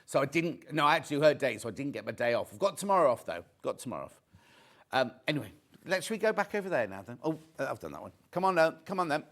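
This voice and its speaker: A man's voice: mid-range voice, very animated, quick pace, fairly bright tone. A man presenting a live sales show in a TV studio, chatty and jokey as he pushes deals and reads out viewer messages. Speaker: shopping channel presenter.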